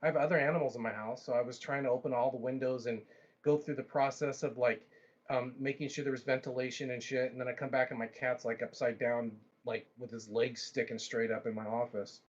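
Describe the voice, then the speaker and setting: A man hosting a livestream, telling a long story in a casual, animated way with frequent restarts and asides. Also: mid-range voice, brisk, highs cut off. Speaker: livestream host.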